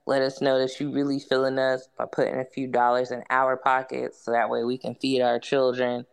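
A woman's voice: rumbling low, flat delivery, brisk, creaky, clear, resonant tone. A woman hosting a casual podcast chat, laid-back and repetitive, laughing often. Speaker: podcast host.

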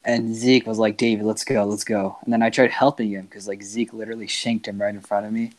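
A young man guesting on a podcast, telling a wildly exaggerated story with a straight, deadpan delivery. His voice sits somewhat low. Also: fairly quick, no room sound. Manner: deadpan teller of exaggerated tall tales, laughs at his own jokes. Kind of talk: casual chat.

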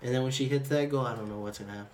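A young man in casual chat, telling stories with animated energy and quoting people as he goes. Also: mid-range voice, rapid-fire, slight background noise. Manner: animated storytelling, slips into quoted voices.

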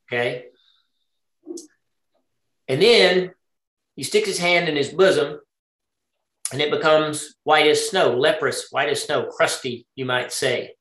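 A man's voice: on the high side, takes it slowly, pauses often, fairly bright tone, roomy sound. A man leading an interactive Torah study lesson. He thinks aloud, often asks his group questions and checks they are following along. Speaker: Bible study teacher.

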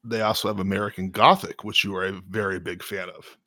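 A man with a lowish voice chatting casually, informed and wry. He drops deadpan jokes without changing his tone. The sound is dry and close. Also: brisk, no echo. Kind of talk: casual chat.

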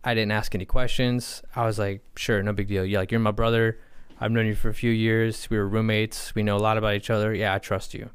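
A man's voice: fairly low pitch, flat delivery, brisk, few pauses, clear, resonant tone. A young man co-hosting a podcast in casual chat, telling stories with quoted dialogue and a lot of swearing. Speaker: podcast co-host.

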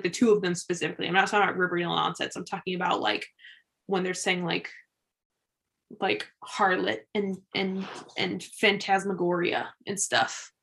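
A woman's voice: lowish voice, gravelly. Young female co-host, casual rambling podcast chat, laughs easily. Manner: animated, musing, laughs often.

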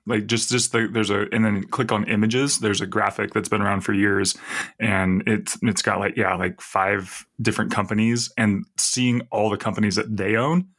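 A man co-hosting a podcast, chatting casually and chiming in with quick, laughing asides. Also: on the low side, little pitch movement, fairly bright tone. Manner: laughs easily, chimes in with asides. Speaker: podcast co-host. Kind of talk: casual chat.

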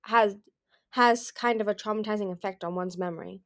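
A woman voicing a skeptical young female dragon who speaks in a dry, hushed way. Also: medium pitch, fairly quick, lightly acted.

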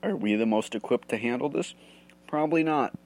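A man's voice: mid-range voice, fairly quick, darkish tone. A man from the United States hosting a solo podcast, ranting angrily and swearing a lot. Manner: profane, heated ranting. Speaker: host.

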